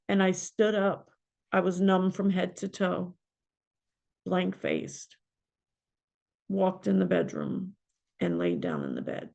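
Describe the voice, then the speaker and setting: A middle-aged woman, a podcast guest and spiritual mentor, telling a personal story in an emotional, halting way. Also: medium pitch, gravelly, a little mellow. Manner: emotional, halting, with pauses and fillers.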